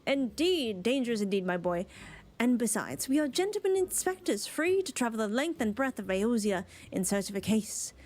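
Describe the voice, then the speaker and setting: A woman voicing a pompous, theatrical male gentleman inspector with a flowery, self-important way of speaking. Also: a little high, very animated, normal speed. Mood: boastful.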